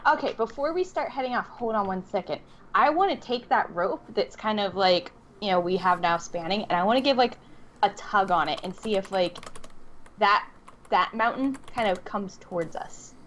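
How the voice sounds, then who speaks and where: A woman's voice: medium pitch, lively intonation, normal speed, slight background noise. A woman playing a tabletop role-playing game, eager and giggly. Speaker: player. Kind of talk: tabletop role-play chat.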